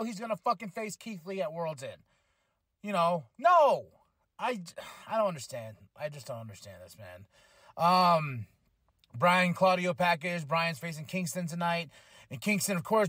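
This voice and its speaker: An excitable man hosts a casual podcast with a fairly high voice. He swears freely and breaks into laughter as he talks, and his voice sounds dry and close with no room around it. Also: moderate pace, no echo. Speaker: podcast host. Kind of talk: casual chat review of a wrestling show.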